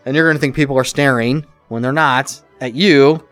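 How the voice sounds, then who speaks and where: A man's voice: medium pitch, normal speed, soft background music. A middle-aged man co-hosting a podcast, chatting casually and acting out the lines of the people in his stories. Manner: animated storyteller who acts out quotes. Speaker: podcast co-host. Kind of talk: casual chat.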